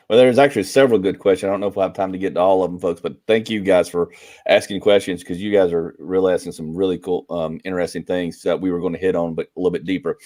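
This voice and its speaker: A man hosting a casual podcast, reading out viewer questions in a relaxed way with many fillers. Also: low voice. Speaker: podcast host.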